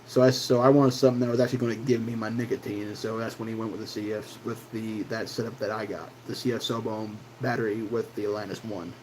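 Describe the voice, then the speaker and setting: A man's voice: fairly low pitch, little pitch movement, quick pace, few pauses, darkish tone, a little hiss or hum, poor audio. A man hosting his own channel, telling a personal story in a loose, casual way, full of fillers and restarts. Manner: rambling, many fillers and restarts. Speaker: channel host.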